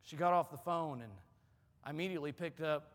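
A middle-aged man preaching a sermon as a pastor, telling a story with repeated words and dropping low and soft for emphasis. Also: a little fast. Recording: long hall reverb.

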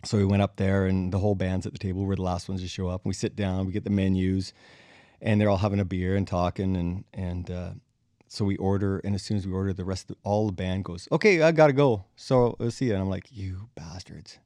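A middle-aged man, a bassist and podcast guest, telling animated stories, acting out quotes and chuckling as he goes. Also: quick pace, no echo. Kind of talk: anecdotal storytelling in conversation.

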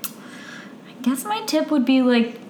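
A woman's voice: high-pitched, expressive, takes it slowly, a little mellow. A woman co-hosting a podcast in casual chat, playful and joking, reacting often. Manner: playful, riffs and jokes, reacts a lot. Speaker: podcast co-host. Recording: echoey room with faint hiss.

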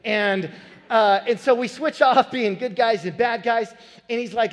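A man in his thirties preaching a sermon, telling a family story with animated, building emphasis. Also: very high-pitched, normal speed. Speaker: pastor. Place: church sanctuary. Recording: long hall reverb.

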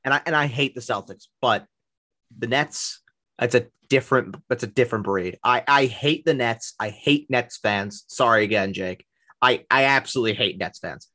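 A man's voice: medium pitch, normal speed, bright, forceful tone. A man co-hosting a podcast in casual sports chat, opinionated and given to repeating words as he starts. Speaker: podcast co-host.

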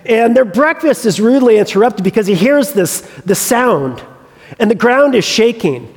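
A man's voice: very high-pitched, sing-song, normal speed, big-room sound. A male pastor preaching a sermon, retelling a story with humorous asides.

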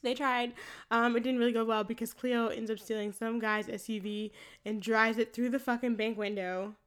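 A woman in her late twenties co-hosts a casual podcast chat recapping a film, laid-back, laughing often and swearing freely. Her fairly high, smooth voice holds a steady, fairly bright tone at normal speed.

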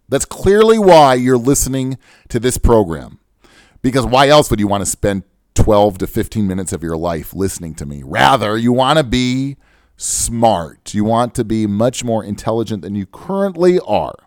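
Sarcastic podcast guy winging it, pitch jumping all over, dry close mic. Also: sing-song, normal speed, dry recording. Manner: sarcastic, self-mocking, ad-libbed. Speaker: podcast host. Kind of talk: unscripted podcast monologue.

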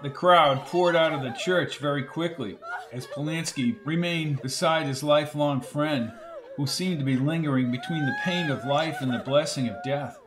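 A man reading an audiobook thriller in a steady, measured narration. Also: a little high. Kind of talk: scripted narration. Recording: narration with music behind.

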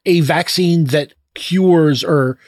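A man co-hosting a casual book-club podcast, talking in a halting way with many restarts. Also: fairly high pitch, darkish tone, dry recording, clean studio sound. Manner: halting, full of fillers and restarts, laughing. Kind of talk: casual chat.

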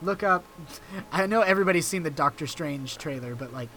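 A man's voice: fairly high pitch, animated, fairly quick, pushed and bright. A young man co-hosting a podcast in casual chat, teasing and laughing often. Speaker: podcast co-host.

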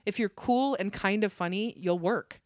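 A young woman comedian chatting casually on a podcast, telling animated stories, swearing freely and acting out what people said. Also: mid-range voice, normal speed, no echo, clean studio sound. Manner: animated storytelling, swears freely, acts out quotes. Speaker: stand-up comedian, guest.

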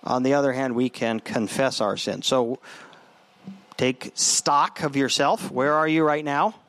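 A man's voice: medium pitch, a little slow, a bit bright, dry recording. A man preaching a sermon in a conversational way, often restarting his phrases. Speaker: pastor.

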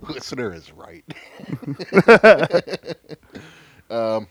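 A man's voice: on the high side, big pitch swings, drawn-out words, a bit bright, slightly rough, no echo. A man co-hosting a casual podcast in a laid-back, swearing way, often trailing off with fillers. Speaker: podcast co-host. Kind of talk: casual chat.

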